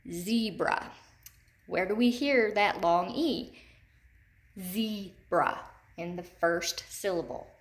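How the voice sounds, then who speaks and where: A woman teacher giving a recorded phonics lesson to children. She speaks slowly and clearly and says each word several times. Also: mid-range voice.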